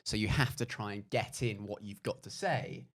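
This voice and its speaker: A man in his twenties, a podcast guest, telling a casual anecdote in an animated, rambling way with many fillers. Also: on the low side, moderate pace.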